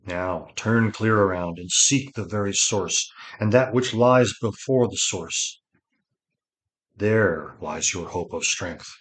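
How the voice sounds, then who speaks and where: A man reading an audiobook voices an old male mage with a gentle, solemn manner, giving slow and measured counsel. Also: on the low side. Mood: grave.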